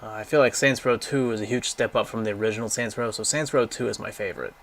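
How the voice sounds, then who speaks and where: A man's voice: lowish voice, steady tone, fast, fairly bright tone. A young man casually rambling through a game library, giving blunt, profane opinions and going off on tangents. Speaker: gaming vlogger.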